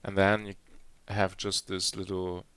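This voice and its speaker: A man's voice: sits low, completely flat delivery, measured pace, a bit bright, smooth, dry recording. A man giving a live coding demo at a conference, talking hesitantly with many fillers and restarts. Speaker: conference speaker. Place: conference hall.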